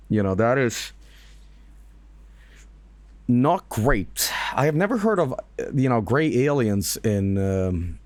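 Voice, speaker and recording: A man streaming, casually reacting to videos with lively laughs and swearing. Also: mid-range voice, no echo.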